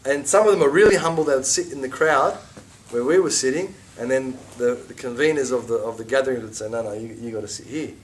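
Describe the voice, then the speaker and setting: A middle-aged man teaching an informal religious class, chatty and animated, with asides and mock quotes. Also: mid-range voice, quick pace, few pauses, recorded from a distance.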